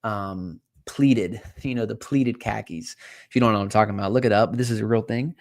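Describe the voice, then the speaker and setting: A man's voice: lowish voice, brisk. A man from South Carolina in his thirties with a Southern country accent, talking casually to his audience and rambling through stories with plenty of fillers and restarts. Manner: rambling, full of fillers and self-corrections. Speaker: fund manager and podcast host. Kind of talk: casual talk to camera.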